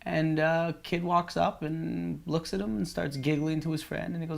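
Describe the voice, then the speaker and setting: A man's voice: on the high side, fairly even intonation, normal speed, gravelly, few pauses. A young man co-hosting a podcast, teasing his friends and laughing often in casual chat. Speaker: podcast co-host.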